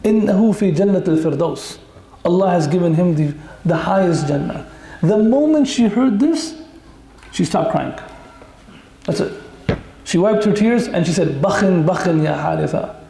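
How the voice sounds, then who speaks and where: High-voiced, conversational male Quran teacher. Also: expressive, fast talker, long pauses, mellow, a little hiss or hum. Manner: conversational, joking with the audience. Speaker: Islamic teacher. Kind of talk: Quran lesson with stories. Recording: echoey room.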